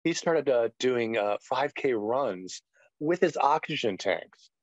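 A middle-aged man, once a pastor, tells his testimony in an earnest, meandering way, leaning on "you know" between thoughts. His pitch sits in an ordinary male middle range. The sound is dry and dull, like a lo-fi recording. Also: lively intonation, slow pace, dry recording. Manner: earnest, rambling storyteller full of "you know". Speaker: retired pastor, interview guest. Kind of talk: personal testimony in a podcast interview.

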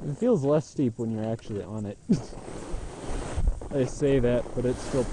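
A man filming himself skiing a steep slope, chatting in a casual, self-mocking, excitable way. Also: medium pitch, moderate pace, background noise. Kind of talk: casual self-filmed commentary. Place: outdoors on a steep ski slope.

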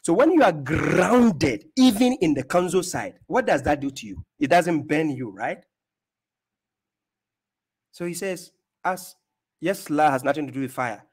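A man's voice: fairly high pitch, big pitch swings, measured pace, pauses often, a little mellow. A man from Ghana hosting a mocking rebuttal, taunting and laughing at the speaker in the clip he plays. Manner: scornful, taunting, laughs at his opponent. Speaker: host reacting to a clip.

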